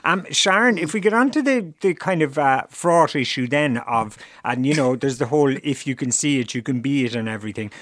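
A male host leading a relaxed chat about comedy, easygoing and filling his pauses with "uh" and "yeah". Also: mid-range voice. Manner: easygoing, hesitant, full of fillers.

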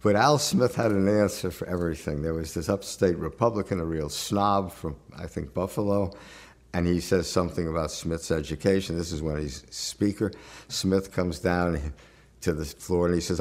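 Deep-voiced male interviewee, anecdotal and lively. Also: moderate pace. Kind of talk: interview storytelling.

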